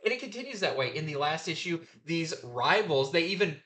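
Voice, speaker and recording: Male comic review host, bright tense voice, slightly high, casual rambling enthusiasm. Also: sing-song, fairly quick.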